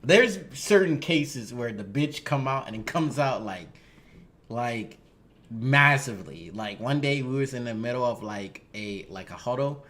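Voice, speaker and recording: A man with a Louisiana accent, a podcast co-host chatting casually and telling stories with lots of laughter and cursing. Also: medium pitch. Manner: animated, laughs often, profane storytelling. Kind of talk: casual chat.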